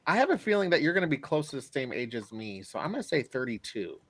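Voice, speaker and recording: Co-host, lively pitch, dry audio, playful banter. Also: fast talker, dry recording. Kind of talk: casual chat.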